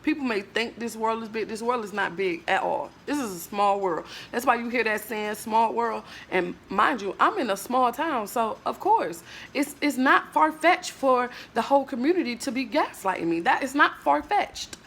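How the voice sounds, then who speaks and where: A woman's voice: a little high, expressive, normal speed, gravelly, hardly any pauses, fairly bright tone, slight background noise. A woman vlogger in an emotional monologue to camera, ranting in a blunt, emphatic, profane way and leaning on fillers like "like, bruh".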